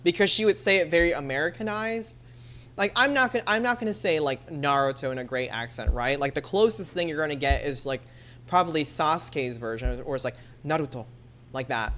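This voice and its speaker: Low-voiced chatty woman streamer. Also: animated, a little fast, fairly bright tone. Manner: chatty, laughing often, many fillers. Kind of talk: casual chat.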